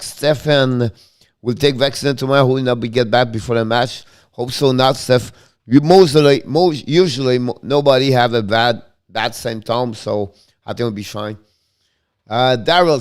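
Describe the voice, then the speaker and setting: A man's voice: medium pitch, clean tone. Man hosting a hockey stream. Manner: halting, many fillers, thanks viewers by name. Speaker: hockey live stream host. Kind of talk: casual live stream chat with viewers.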